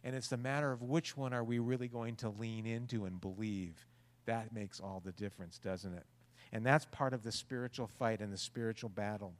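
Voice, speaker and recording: A man's voice: fairly low pitch, steady tone, normal speed, long reverb tail. A male pastor preaching a sermon in an earnest, conversational way, often asking rhetorical questions.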